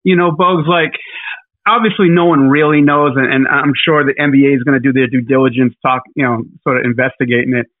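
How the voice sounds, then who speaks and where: A man's voice: mid-range voice, fairly even intonation, fast talker, no echo. A man co-hosting a casual podcast, talking in a rambling, hesitant way with lots of fillers. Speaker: podcast co-host. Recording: tinny phone-like line.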